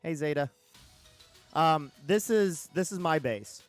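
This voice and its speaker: A woman live-streaming a game, chatting casually with frequent laughs and quick exclamations. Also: low voice, expressive, soft background music. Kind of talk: casual live-stream chat over gameplay.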